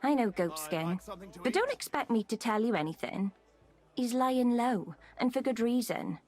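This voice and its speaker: A woman's voice: fairly high pitch, very animated, moderate pace, a little mellow. An actress voicing a flirty, guarded bathhouse woman in a video game, with a Welsh accent. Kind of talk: game voice acting.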